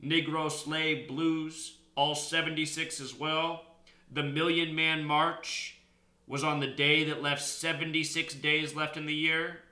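A man hosts a solo commentary video, pressing each point in an emphatic, lecturing way. His voice is very bright and forceful and sits a little high. The room around him rings with echo. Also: flat delivery, slow pace. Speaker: host.

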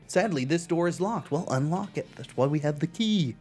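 A man's voice: fairly high pitch, animated, moderate pace, a little mellow, soft background music. A man hosting a video game playthrough, reading the game's text aloud and adding dry wisecracks. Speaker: let's play host. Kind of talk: game commentary.

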